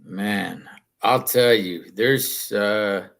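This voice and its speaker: A man's voice: on the low side, drawn-out words, gravelly, fairly bright tone. A man hosting a casual interview, talking loosely with a lot of slang and fillers. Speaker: podcast host.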